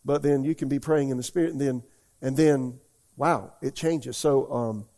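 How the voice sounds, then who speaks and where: In a church, an older male pastor gives a conversational sermon at normal speed, his mid-range voice dark and mellow with a gravelly edge. He wanders a bit and keeps putting questions to the congregation.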